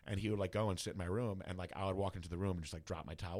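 Profane, rambling man with a low voice. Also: steady tone, very fast, a little mellow. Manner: rambling, heavy use of "like", profane. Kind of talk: casual storytelling.

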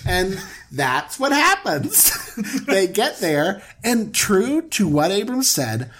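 A man's voice: sits high, sing-song, slow, a bit bright. A man animatedly telling a joking, slangy comic retelling of scripture as a podcast co-host.

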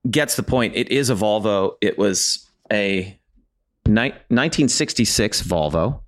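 Male podcast co-host, low-ish voice, halting, stammering delivery in casual banter. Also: lively intonation. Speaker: podcast co-host and game contestant. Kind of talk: casual comedic chat.

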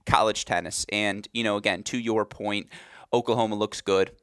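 Animated, rambling young man, bright voice. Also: lowish voice, moderate pace, smooth, no echo, clean studio sound. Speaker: podcast co-host. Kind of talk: casual podcast chat.

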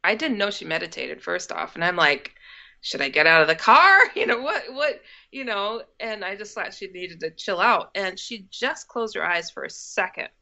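Woman from the states telling a story, bright voice, acts out what people said, kinda muffled lo-fi sound. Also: mid-range voice, normal speed, gravelly, few pauses. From United States, Milwaukee. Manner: animated, acts out quoted dialogue, laughs through the telling. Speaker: guest. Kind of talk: casual first-person storytelling. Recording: dull lo-fi audio.

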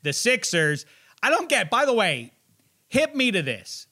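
Guy hosting sports talk, kinda high and bright, trips over his words a lot. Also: measured pace. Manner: animated, stumbling restarts.

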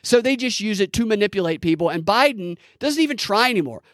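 Man, high voice, dry close sound, indignant mocking podcast rant. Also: animated, quick pace, a bit bright, no echo. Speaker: podcast host. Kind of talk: solo political commentary.

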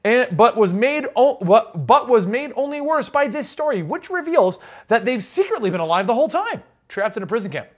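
A man's voice: very high-pitched, big pitch swings, moderate pace, few pauses. A man hosting a casual comics podcast, teasing his co-host and reading a list aloud.

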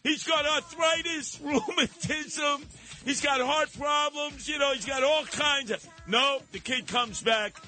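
A man's voice: very high voice, a little slow, sharp tone, soft background music. A man hosting a call-in radio show, ranting with sarcastic rhetorical questions and acting out the people he mocks. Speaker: radio talk show host. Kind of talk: call-in talk radio monologue.

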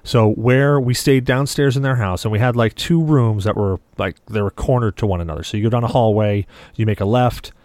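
Here a podcast co-host with a lowish, slightly mellow voice tells a long story a little fast, acting out the lines of the people involved in vivid fashion. It's a casual show, with no room sound.

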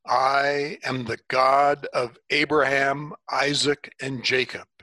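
A man voicing God as a commanding divine voice, slow and solemn in a dramatic telling. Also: mid-range voice, flat delivery, bright, forceful tone, no echo. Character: commanding divine voice from a burning bush. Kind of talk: dramatic storytelling.

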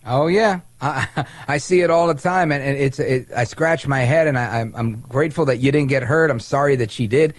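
A man hosting a political talk show in an energetic, sarcastic and playful way. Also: mid-range voice, normal speed, dry recording. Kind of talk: talk radio/podcast monologue.

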